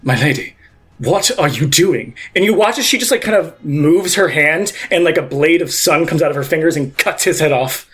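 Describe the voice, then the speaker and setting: A man's voice: fairly high pitch, fairly quick, hardly any pauses, fairly bright tone, a little hiss or hum. A young man narrating as game master, improvising in a rambling way full of fillers.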